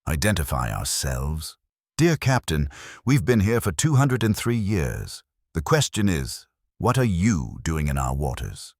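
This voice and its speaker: A man voicing a polished, courteous ghost captain of an eighteenth-century British warship who is quietly menacing, in a scripted horror story. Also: very deep voice, big pitch swings, unhurried, no room sound, studio quality, full character voice. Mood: silky menace.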